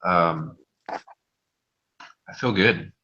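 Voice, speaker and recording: A man hosting a casual group chat, relaxed, laughing often and swearing freely. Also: low-pitched, very slow, lo-fi sound. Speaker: host of a group call.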